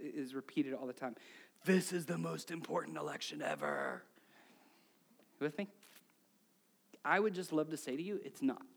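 A middle-aged man preaches with a notably high voice. He tells animated stories and moves from soft, hushed asides to loud, excited shouts. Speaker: pastor. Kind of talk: sermon.

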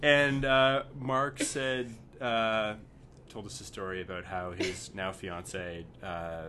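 A man's voice: lowish voice, little pitch movement, slow. A man who is a guest on a casual podcast chat, joking in a wry way about his tasting notes. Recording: loud background noise.

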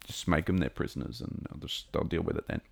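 A man's voice: very deep voice, steady tone, fast, gravelly, no room sound. A man recapping a show episode in a casual, rambling and enthusiastic way, with lots of ums and restarts. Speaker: show reviewer.

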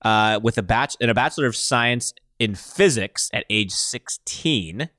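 A man's voice: medium pitch, lively intonation, unhurried, bright, forceful tone, no room sound, clean studio sound. A man co-hosting a casual chat show who reads news items aloud in a jokey way and laughs as he goes. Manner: jokey, laughs while reading, mangles names on purpose. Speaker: podcast co-host.

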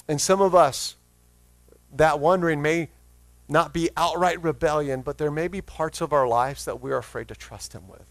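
A man preaching a sermon as pastor, earnestly reading scripture slowly and then explaining it in plain words. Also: fairly high pitch, gravelly, dry recording.

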